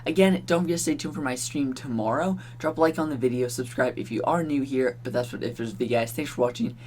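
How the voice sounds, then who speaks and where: A man's voice: mid-range voice, quick pace, a little mellow, slight background noise. A young man from Canada hosting a gaming channel, talking through game content in a chatty, offhand way with ums and little laughs. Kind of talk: casual gaming commentary.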